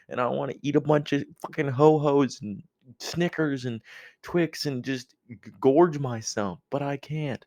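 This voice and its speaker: A young man giving a casual motivational monologue, blunt and profane, animated as he talks. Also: mid-range voice. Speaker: vlogger.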